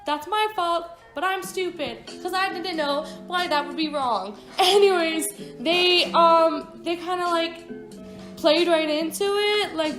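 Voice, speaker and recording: High-voiced young woman telling stories. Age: about 20. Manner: chatty, swears often, rambling asides. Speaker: vlogger. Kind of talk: casual storytime over a speedpaint. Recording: echoey room with background music.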